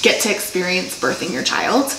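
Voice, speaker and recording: Young woman host, emotional casual storytelling, a little hoarse, echoey room. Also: on the low side, sing-song, normal speed, a bit bright, a little hiss or hum. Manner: emotional, trying not to cry. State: frog in her throat. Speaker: podcast co-host. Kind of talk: casual chat.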